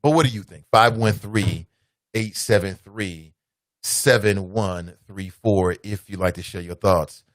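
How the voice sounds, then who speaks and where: A man's voice: deep voice, a little slow, dry recording, clean studio sound. A man with a Cincinnati accent hosting a call-in radio show, lecturing listeners as family. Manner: preachy, addresses listeners as family. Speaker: radio talk show host. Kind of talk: call-in talk radio monologue.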